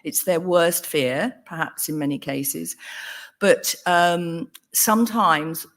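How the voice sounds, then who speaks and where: An older woman talks through her clinical work in an earnest, thoughtful way. Her voice sits a little low for a woman. She pauses with ums and restarts her sentences as she thinks. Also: a bit bright. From England. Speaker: psychotherapist. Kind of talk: talk on a panel.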